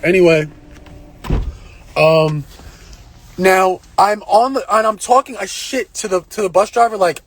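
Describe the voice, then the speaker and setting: A man telling a long story on a phone livestream, in a profane, rambling and excitable way. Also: high-pitched, unhurried, long pauses. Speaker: live-streamer. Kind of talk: casual live-stream storytelling.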